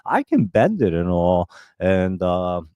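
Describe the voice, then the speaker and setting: A man's voice: low voice, huge pitch swings, slow, dark tone, smooth, no echo. A middle-aged man hosting a live show, telling a long story casually, laughing often and swearing freely. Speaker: host of a live stock show.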